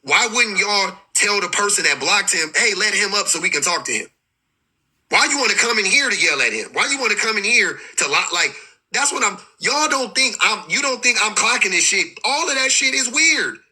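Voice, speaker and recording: A man talks loosely and with exasperation on his own livestream, and his sentences keep stalling and starting over. His voice sits high with a sharp brightness and a husky edge. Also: very animated, normal speed, rough recording. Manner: rambling, profane, exasperated, many restarts. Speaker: livestream host. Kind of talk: casual livestream commentary.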